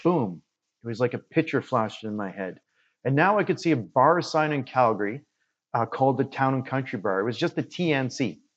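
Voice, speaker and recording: A man from Canada, a guest medium, telling a story in casual conversation and acting out the dialogue with lively quoted voices. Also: medium pitch, a little fast, lo-fi sound. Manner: animated storyteller who acts out quoted dialogue.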